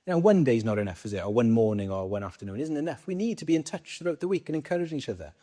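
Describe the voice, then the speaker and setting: A Welsh man preaching to his congregation at a mid-range pitch. He talks in a conversational way, asking his listeners questions and then answering them himself. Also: sing-song, racing, mellow. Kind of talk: sermon.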